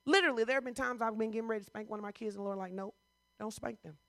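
A woman pastor preaching a sermon in a conversational style, full of rhetorical questions and rising to loud, emphatic bursts. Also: a little high, racing, no echo.

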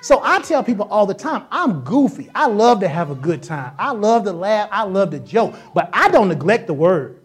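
A woman's voice: mid-range voice, very animated, normal speed, few pauses, slightly rough. A woman preaching a sermon in a casual, joking way, often acting out voices and sounds and repeating herself for emphasis. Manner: casual colloquial speech with repetitions.

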